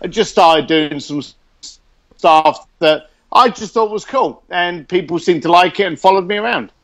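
Interview guest: man with a high voice, blunt, animated storyteller, swears. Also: moderate pace. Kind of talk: casual storytelling.

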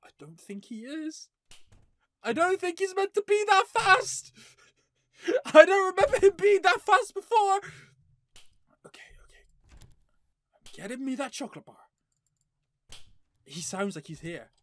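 A woman's voice: very high-pitched, big pitch swings, measured pace, pauses often, no echo. A young woman commentating her play of a horror game, panicking, laughing and swearing at it. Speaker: gaming YouTuber.

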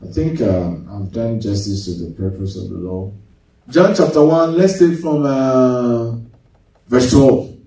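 A man's voice: mid-range voice, expressive, unhurried, dark tone. A man preaching a sermon as pastor, reading scripture and asking the congregation leading questions for them to answer. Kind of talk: sermon with call-and-response Bible reading. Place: church hall. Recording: very echoey hall, mic far off.

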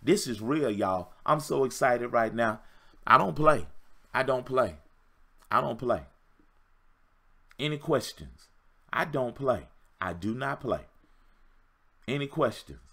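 A man's voice: medium pitch, expressive, slow, gravelly, pauses often, fairly bright tone. A man in his fifties, a relationship coach giving an emphatic, preachy motivational talk on a livestream and repeating his points. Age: 50s. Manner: emphatic, repetitive, preachy exhortation.

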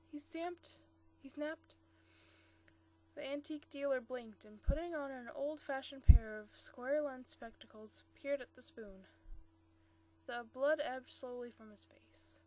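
A woman with a high voice reads a short story aloud. Her narration is steady, with occasional stumbles that she corrects as she goes. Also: measured pace. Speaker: story reader.

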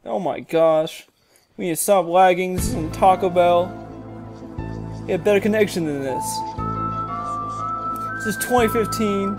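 A gamer giving jokey, excitable commentary over a shooter game, yelling at other players with sudden leaps in pitch. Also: measured pace, pauses often, over music. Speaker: gaming commentator. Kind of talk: gameplay commentary.

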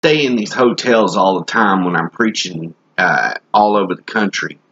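A man's voice: low voice, moderate pace, a bit bright, breathy edge, highs cut off. A man preaching a comic sermon in a folksy, joking, rambling way.

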